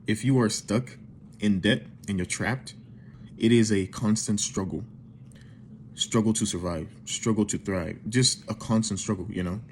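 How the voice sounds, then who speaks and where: A man's voice: on the low side, measured pace, a little mellow, slight background noise. A man hosting a channel, giving earnest advice and repeating his points. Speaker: channel host.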